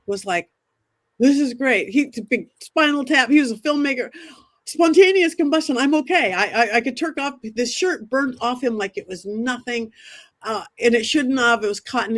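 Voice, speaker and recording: A woman, a psychic medium as a guest, telling a dramatic story in an animated way and acting out what people said. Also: a little high. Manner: excitable, quotes herself and others in dramatic asides.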